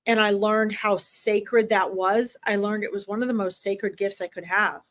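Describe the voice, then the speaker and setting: A woman's voice: medium pitch, steady tone, moderate pace. A woman animal communicator giving an earnest, emphatic pet reading on a livestream, often repeating herself. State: tearing up.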